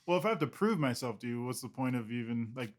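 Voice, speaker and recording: A man's voice: mid-range voice, expressive, fast talker. Rambling, laughing male illustrator. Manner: rambling, self-deprecating, laughs often. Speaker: illustrator guest. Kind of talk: casual interview talk.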